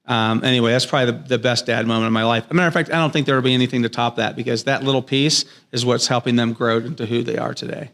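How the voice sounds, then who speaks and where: A man in his thirties or forties talks casually as a podcast guest. His voice sits at an ordinary middle pitch. He tells stories earnestly and enthusiastically, acting out bits of dialogue as he goes. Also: steady tone, very fast, few pauses, fairly bright tone. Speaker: podcast guest, business owner. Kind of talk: casual interview storytelling. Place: podcast studio.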